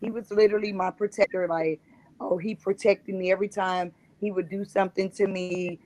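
A woman's voice: mid-range voice, level tone, fairly quick, a little mellow, dry recording, rough recording. A woman guest on a talk show, earnestly recounting a personal experience and often repeating herself. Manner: earnest, repetitive storytelling.

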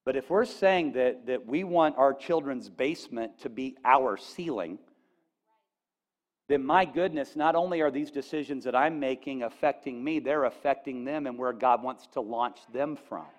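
A male pastor preaching a sermon, animated and folksy, with asides to the congregation, and rising to near-shouts on quoted lines. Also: medium pitch, normal speed. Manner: folksy asides, addresses audience with "okay?".

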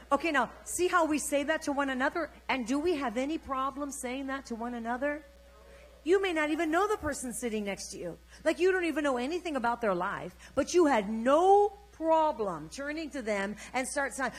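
An older woman preacher delivering an energetic sermon, urging the congregation to repeat her words. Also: sits high, fairly quick, low-quality recording.

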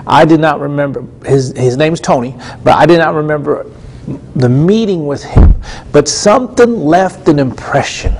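Earnest middle-aged male preacher, fairly high. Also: moderate pace, a little mellow, husky. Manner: earnest, repeats phrases for emphasis with frequent restarts. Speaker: TV ministry host and preacher. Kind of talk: conversational sermon teaching.

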